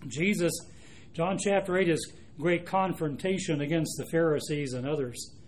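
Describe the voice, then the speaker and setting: Guy preaching a sermon, kinda high voice, leans hard on the quotes, bit of hiss behind. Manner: emphatic, slows down to stress quoted scripture.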